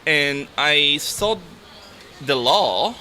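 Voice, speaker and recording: A man in his thirties from Nicaragua speaks English with a Nicaraguan Spanish accent, his voice bright and forward. He talks in an easygoing way as a guest, with a faint hum of room ambience behind him. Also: on the high side, expressive, drawn-out words. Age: 30s. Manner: easygoing, laughs often. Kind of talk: casual interview chat.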